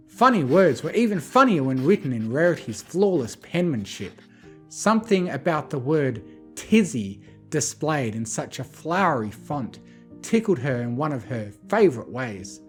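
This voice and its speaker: A bedtime story narrator reading fanfiction aloud. The reading is calm yet expressive, with a lively pitch. Soft music plays faintly underneath. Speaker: fanfiction reader.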